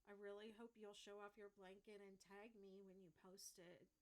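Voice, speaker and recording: Casting: middle-aged woman, relaxed livestream crochet teacher, chatty, laughs easily, mid-pitched. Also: moderate pace. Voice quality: chatty, laughs often, talks while working. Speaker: crochet instructor. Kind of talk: casual livestream tutorial chat.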